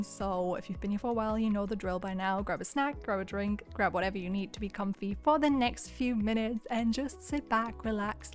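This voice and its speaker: Speaking from home, a young woman in her twenties who makes videos chats casually in a voiceover and laughs a lot. Her medium-pitched voice cracks and sounds weak, and she talks in a low-key, fairly flat way.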